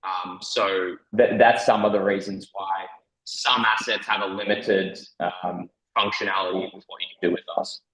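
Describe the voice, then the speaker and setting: A man answering a host's questions as a guest, explaining carefully with many pauses and ums. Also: sits low, fairly even intonation, fairly bright tone, echoey room, low-quality recording. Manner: measured, many ums and restarts. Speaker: guest from a crypto broker. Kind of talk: explaining in an interview.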